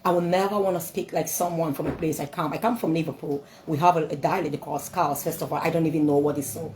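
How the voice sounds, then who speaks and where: A woman's voice: deep voice, steady tone, fast, darkish tone, slight background noise, rough recording. A woman speaking English as a second language, giving a motivational talk laced with scripture, emphatic and repetitive, full of rhetorical questions. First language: not English.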